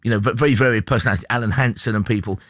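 A man hosting a radio phone-in, brisk and enthusiastic, chatting with callers from a studio microphone. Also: medium pitch, fairly even intonation, fairly bright tone, dry recording.

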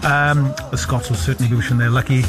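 A man's voice: medium pitch, flat delivery, fast, music in the background. A man hosting a sports radio show, chatty and jokey.

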